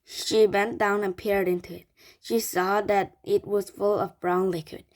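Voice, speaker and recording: A woman reading a children's book aloud, halting and restarting often. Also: medium pitch, level tone. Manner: slow, halting, with frequent restarts. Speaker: reader.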